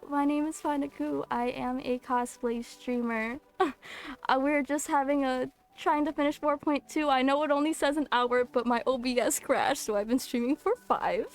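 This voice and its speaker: A woman cosplay streamer on a live game reaction stream, tearful and flustered, apologizing and laughing between her words. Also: high voice. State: tearful, emotional.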